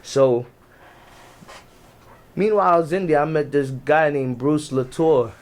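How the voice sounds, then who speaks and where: With a slightly high voice and a somewhat slow pace, a New York–accented navy veteran of Jamaican family shares military stories on a podcast. His casual chat is full of slang and sentences he keeps restarting.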